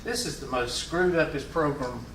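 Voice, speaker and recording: This classroom math lecture comes from a man with a Southern US accent, slightly high-voiced and moderately paced, tossing in folksy joking asides. Background noise and a distant, echoey room color the recording.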